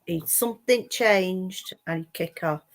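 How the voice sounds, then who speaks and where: Slow-talking woman co-host. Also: on the low side. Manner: unhurried, agreeable storyteller. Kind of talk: casual live-stream chat.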